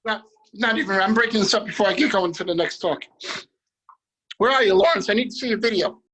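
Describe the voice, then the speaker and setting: A man leading a guided visualization on a group video call, energetic and emphatic, repeating his phrases. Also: high voice, quick pace, breathy edge, low-quality recording. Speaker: motivational speaker.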